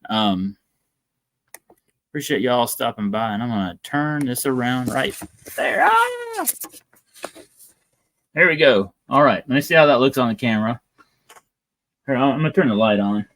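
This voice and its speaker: A man's voice: medium pitch, normal speed, long pauses, fairly bright tone. Chatty man hosting a livestream. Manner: rambling, chatty, talks to viewers. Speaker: livestream host. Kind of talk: casual livestream chat.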